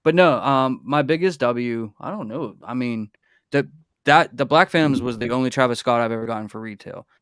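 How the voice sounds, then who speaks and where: Man, livestream host, casual chat, smooth clear voice, dry close sound, animated. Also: mid-range voice, moderate pace, no room sound. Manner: animated, repeats himself when excited.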